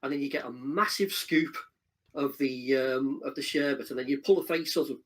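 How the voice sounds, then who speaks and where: A man in his forties, a guest on a stream, relaxed and reminiscing with the odd um. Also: mid-range voice, normal speed. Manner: nostalgic storytelling, relaxed, with ums. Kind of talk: casual reminiscing chat.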